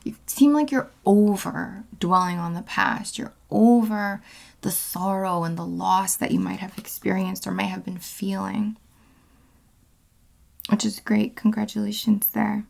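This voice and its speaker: A woman's voice: medium pitch, steady tone, unhurried, gravelly, a little mellow. A woman giving a casual tarot reading, rambling with many fillers and self-corrections, sometimes dropping into a whisper. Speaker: tarot card reader.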